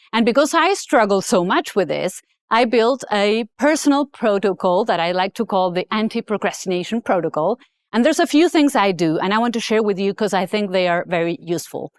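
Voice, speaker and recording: A woman's voice: mid-range voice, no echo. A middle-aged woman giving a motivational talk, acting out her own story with energy. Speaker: speaker.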